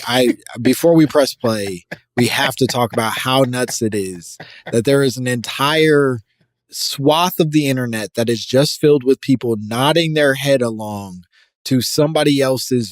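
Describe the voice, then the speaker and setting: A man's voice: mid-range voice, a little slow, dry recording. A man co-hosting a podcast, reading a listener email and joking profanely, laughing often. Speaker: podcast co-host. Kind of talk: casual podcast banter.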